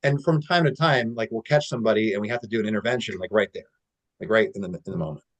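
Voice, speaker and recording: A man coaching on a casual call, telling stories with a relaxed manner and lots of "like" and "you know". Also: on the low side, fast talker. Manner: relaxed storytelling with many fillers. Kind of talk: casual teaching talk.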